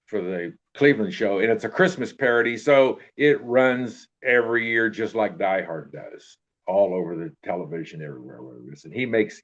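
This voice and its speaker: An older man with a lowish voice tells stories in a loose, rambling way. He restarts his sentences and lets them trail off with throwaway tags. The recording sounds a little dull and lo-fi. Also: fairly bright tone. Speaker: actor telling stories. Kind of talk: casual anecdote in an interview.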